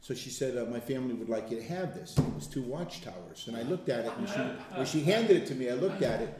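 A man talking casually to a group, telling stories and stressing points with slow, emphatic words. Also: medium pitch, animated, a crowd in the background. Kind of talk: casual testimony talk. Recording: echoey room.

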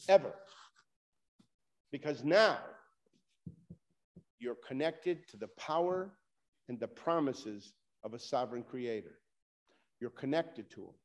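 A man with a high voice delivers a sermon. He talks straight to his listeners, pushing some lines hard and letting others drop low. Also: a little mellow. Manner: preaching with rising and falling emphasis, addresses listeners directly. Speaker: pastor.

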